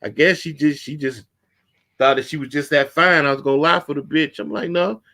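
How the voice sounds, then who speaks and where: A man hosting a casual talk show, telling a street story with lively acted-out quotes. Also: a little high, fairly quick, gravelly. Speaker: podcast host.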